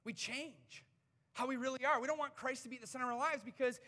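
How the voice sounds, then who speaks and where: A man with a high, bright voice preaches in a church, animated and self-deprecating as he tells stories. His voice carries a long reverb from the sanctuary. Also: fast. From United States. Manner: animated storytelling, self-deprecating, rising to excited peaks. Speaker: pastor. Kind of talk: sermon.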